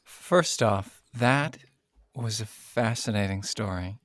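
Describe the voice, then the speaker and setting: A man improvising an eerie, grandiose candy maker who speaks slowly and unsettlingly. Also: fairly low pitch, fairly bright tone, dry recording. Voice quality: slow, drawn-out, unsettling. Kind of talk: improv comedy role-play.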